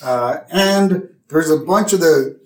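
A man's voice: a little high, slow pace, echoey room. A man co-hosting a podcast, casually retelling a cartoon episode and backing his co-host with frequent "uh-huh"s. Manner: frequent "uh-huh" and "mm-hmm" backchannels.

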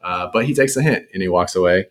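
Young man with a very low voice, laid-back storyteller with dry humor. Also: fast. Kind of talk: casual storytelling.

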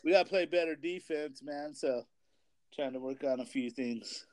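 A man's voice: fairly high pitch, moderate pace, dry recording. A young man in casual chat, rambling with lots of filler words and swearing as he talks about his family. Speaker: parent and kids' basketball coach.

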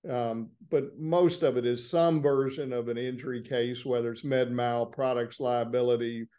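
A man's voice: medium pitch, fairly even intonation, moderate pace, dark tone. A man from Florida with a Southern accent, a trial lawyer talking easily and plainly as a guest in a casual interview. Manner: easygoing, plain-spoken storytelling.

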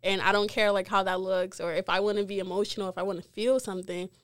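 A woman's voice: medium pitch, steady tone, quick pace, fairly bright tone, no echo. Woman podcast host, reflective questions, dry close sound. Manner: asks reflective questions, affirming. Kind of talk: casual chat.

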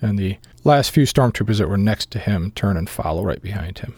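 A man running a tabletop game as game master, narrating scenes in a measured way with filler pauses. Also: fairly low pitch, lively intonation, a little mellow, slightly rough, no room sound.

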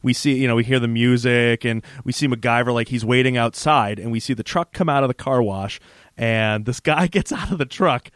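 A man co-hosting a podcast, casually recapping a TV episode in an animated way, laughing and acting out scenes. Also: medium pitch, a little fast, dry recording, clean studio sound. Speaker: podcast co-host.

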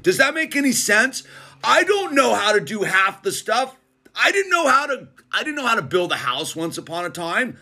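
High, lively middle-aged man saying "dude". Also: breathy edge. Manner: laid-back slangy, keeps saying "dude"; animated, swings between fast bursts and slow emphasis. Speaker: channel host. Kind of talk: casual motivational monologue.

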